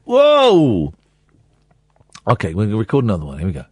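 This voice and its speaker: A man's voice: deep voice, animated, racing, dark tone, breathy edge, no room sound. A man hosts a late-night radio phone-in, joking and rambling with a voice that swoops up and down. He slips into mock-sincere readings. The studio mic is close and dry. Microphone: studio microphone.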